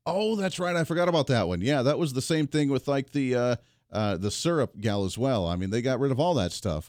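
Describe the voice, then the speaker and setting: Male radio host, animated, sarcastic, lively pitch, dry studio sound. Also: quick pace, dry recording. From United States. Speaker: radio talk show host. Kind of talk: call-in talk radio.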